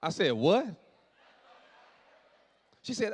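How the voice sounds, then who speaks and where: A man performing stand-up comedy on a church stage, his voice pitched high and sweeping widely up and down as he tells his story. He acts out the dialogue and breaks into shouted punchlines for a live audience. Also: big pitch swings, takes it slowly, long pauses, a little hiss or hum.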